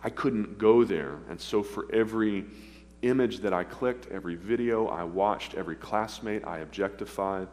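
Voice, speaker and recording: A man preaching a sermon, earnest and pleading, with pauses as he speaks of his own past. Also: on the low side, a little mellow. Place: church sanctuary. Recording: long hall reverb, faint hum.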